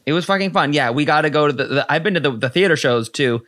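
A man's voice: a little high, lively intonation, fast, a bit bright. A man hosting a podcast in casual chat, swearing freely and laughing often. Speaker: podcast host.

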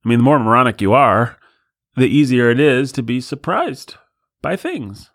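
A male podcast host rambles on his own in a studio, sarcastic and quick to mock himself. His intonation rises and falls a lot. The sound is dry and close to the mic. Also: mid-range voice, big pitch swings, fairly bright tone, no room sound. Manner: sarcastic, self-deprecating, rambling. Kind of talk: solo podcast riffing.

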